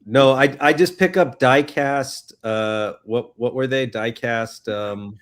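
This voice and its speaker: A man's voice: mid-range voice, slow. A man hosting a casual livestream, greeting chat viewers and joking loosely, with frequent swearing. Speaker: livestream host reading chat.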